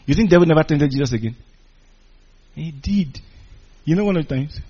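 A man preaching a sermon, animated and calling out to his congregation, chuckling between points. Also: on the high side, fairly quick, husky. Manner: animated, call-and-response with congregation. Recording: dull lo-fi recording.

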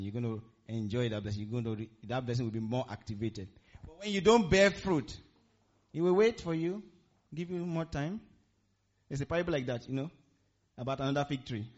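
A man preaches, drawing his listeners in with questions they are meant to answer and repeating his points word by word for weight. His voice sits at an ordinary middle pitch. The recording is dull and lo-fi. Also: a little mellow. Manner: call-and-response questions, repeating phrases for emphasis. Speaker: pastor. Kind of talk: interactive sermon.

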